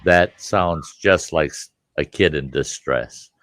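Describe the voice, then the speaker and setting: A man's voice: extremely low pitch, slow, fairly bright tone, no room sound. A man hosting a casual group chat, talking earnestly and often repeating words as he starts a thought. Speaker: host.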